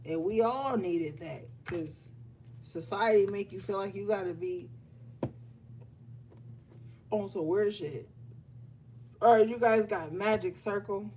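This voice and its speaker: A woman's voice: medium pitch, slow pace, long pauses, slight background noise. A woman giving a casual livestream tarot reading, talking bluntly with lots of profanity, scolding her viewers and laughing often. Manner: scolding, animated. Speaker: tarot reader. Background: faint music.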